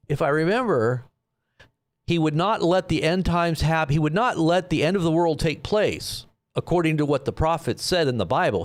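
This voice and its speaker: Sarcastic rambling man. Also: a little high. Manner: sarcastic, rambling, with frequent restarts. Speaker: live stream news commentator. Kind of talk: casual sarcastic commentary.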